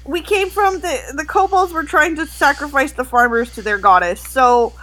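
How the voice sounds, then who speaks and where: A woman voicing an anxious gnome woman oracle who pleads in a high, tearful voice. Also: normal speed, a bit bright, slight background noise, low-quality recording. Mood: tearful, pleading.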